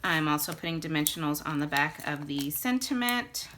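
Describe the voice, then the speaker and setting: A young woman with a low, deep-set voice talks casually through a card-making tutorial, gushing over the colors and patterns as she goes. She thinks aloud while she works at a desk mic on her craft table. A faint hiss sits under the recording. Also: expressive, normal speed, a bit bright.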